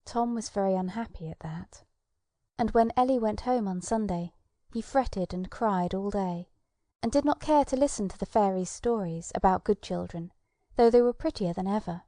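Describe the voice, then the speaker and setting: A woman reads a children's storybook in a mellow, soft-edged voice, gentle and storytelling. She sits close to the mic in a dry space with no room sound. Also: mid-range voice, normal speed, dry recording. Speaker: audiobook narrator. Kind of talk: scripted narration of a children's storybook.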